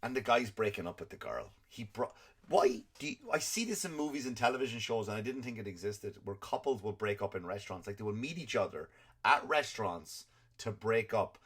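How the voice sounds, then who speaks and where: A man's voice: on the low side, expressive, a little fast, a bit bright, breathy edge. A man hosting a comedy podcast, ranting and swearing constantly in an exasperated, comic way. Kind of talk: profane comedic rant.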